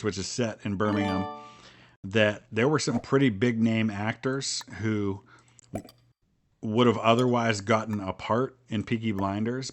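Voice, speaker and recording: A man's voice: fairly low pitch, slight background noise. A middle-aged man from Ohio with a Midwestern American accent, chatting casually on a game live stream, rambling with ums and restarts. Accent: General American Midwestern. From Northeast Ohio, US. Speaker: streamer playing a strategy board game with viewers.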